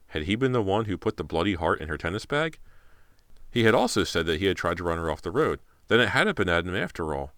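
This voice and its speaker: A man's voice: low-pitched, expressive, fast talker, fairly bright tone, no room sound, studio quality. A man narrating an audiobook in a tense, dramatic way. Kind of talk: scripted narration.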